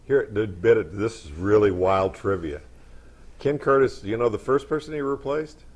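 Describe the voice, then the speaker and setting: Man telling lively showbiz anecdotes. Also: lowish voice, normal speed. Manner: animated, relishes trivia. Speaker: guest storyteller. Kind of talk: casual anecdotal chat.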